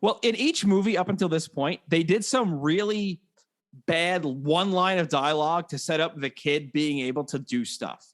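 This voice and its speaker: A man with a notably high voice co-hosts a casual podcast about movies. He talks in a joking way and often slips into mock voices to quote scenes. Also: moderate pace. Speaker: podcast co-host.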